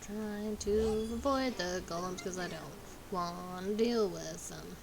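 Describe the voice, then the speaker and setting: Slow-talking young woman humming through gameplay. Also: on the low side, vocal fry, a crowd in the background. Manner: hums along while playing, dry and sarcastic. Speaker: streamer playing a game. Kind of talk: casual gameplay chat.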